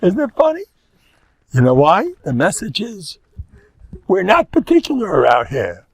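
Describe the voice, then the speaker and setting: Husky, lively older rabbi. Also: male voice, high-pitched, unhurried. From United States. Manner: animated and joking, mixing in Yiddish and Hebrew words. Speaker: rabbi giving a lecture. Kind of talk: informal Torah lecture.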